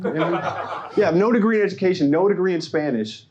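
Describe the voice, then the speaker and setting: Stand-up comic, young man from Arkansas, slightly high voice, self-mocking, works the room, live stage with clear noise behind. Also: lively intonation, fast talker, muffled recording. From Arkansas, USA. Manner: chatty, self-mocking, talks to the crowd. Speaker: stand-up comedian. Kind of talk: stand-up comedy set. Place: comedy club stage.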